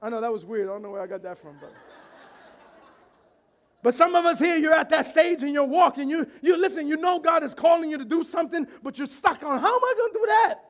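Man, pastor, sermon, very high voice, animated, shouting, laughing. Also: a little fast.

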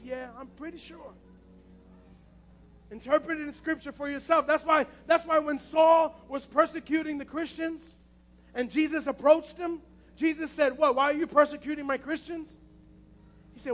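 A man's voice: extremely high pitch, fairly even intonation, moderate pace, pauses often, fairly bright tone. A man preaching a passionate sermon as pastor, repeating his key phrases.

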